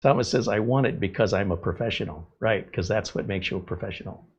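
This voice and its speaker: A man's voice: lowish voice, fast talker, slightly rough, muffled recording. A man hosting a live tech stream, answering viewer chat in a blunt, sarcastic way. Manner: blunt, sarcastic, lively asides. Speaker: tech show host.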